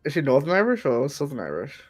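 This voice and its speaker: A man's voice: fairly high pitch, huge pitch swings, fast. A man from northern England with a northern English accent. He chats casually on a stream, blunt and free with swearing. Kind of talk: casual chat.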